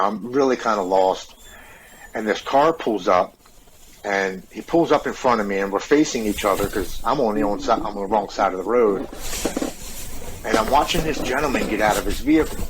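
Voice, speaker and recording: Man, forties, lowish pitch, earnest, confessional, repeats words. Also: a little hiss or hum, low-quality recording. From United States. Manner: earnest, open, repeats words when moved. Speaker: podcast guest. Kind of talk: confessional personal storytelling.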